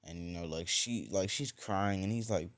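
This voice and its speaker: A man with a very low voice tells an improvised fan-fiction story in a loose, rambling way. He keeps circling back with fillers and restarts, like someone making it up as he goes. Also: moderate pace.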